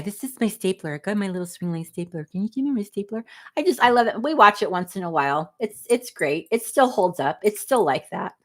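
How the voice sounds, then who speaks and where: Chatty woman in her fifties, laughing. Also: mid-range voice. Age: 50s. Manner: chatty, laughing, reads viewer comments aloud. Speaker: livestream host. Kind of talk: casual livestream chat reading comments.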